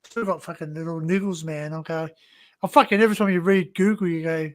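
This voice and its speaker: High-pitched Australian man, swearing, laughing, rambling chat. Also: fairly even intonation, fairly quick. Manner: swears freely, laughs often, rambling anecdotes. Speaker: livestream host. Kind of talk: casual chat.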